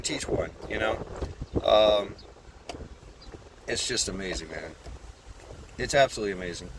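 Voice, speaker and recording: Rambling through a casual monologue for his channel's audience, this man curses freely and keeps repeating himself. He speaks with a mid-range voice against a noisy background.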